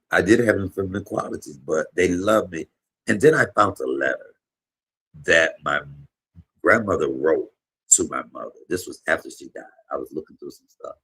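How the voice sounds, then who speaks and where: A man in his fifties, a comedian streaming a casual chat and telling emotional, rambling stories with sudden loud bursts. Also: rumbling low, husky. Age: 50s. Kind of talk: casual livestream chat and storytelling.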